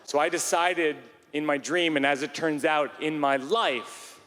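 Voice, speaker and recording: A man's voice: on the high side, a little slow. Self-mocking stand-up comedian man in a hall. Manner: rambling, self-mocking, bursts into shouts. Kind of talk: stand-up storytelling. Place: large theater stage before a live audience. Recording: live hall recording with faint room noise.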